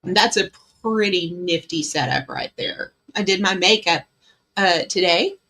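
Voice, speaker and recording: A woman's voice: on the low side, unhurried, pushed and bright. A woman hosting a casual livestream from her bedroom, chatting with viewers. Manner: chatty, coos baby talk to her cat. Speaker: livestream host.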